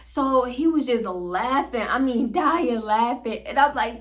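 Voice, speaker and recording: A woman vlogger telling a story to her viewers in a casual, animated way, often laughing and speaking straight to them. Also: a little high, unhurried.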